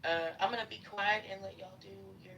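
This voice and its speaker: A woman's voice: medium pitch, steady tone, brisk, pushed and bright, recorded from a distance, slight background noise, poor audio. A woman moderating a live audio chat room, easygoing and supportive. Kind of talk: casual chat.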